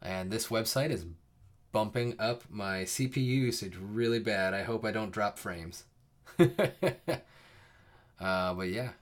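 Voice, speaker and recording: A man's voice: lowish voice, measured pace, pauses often. A young man hosting a live coding stream, chatting casually with viewers in a rambling way, full of fillers and restarts before the lesson.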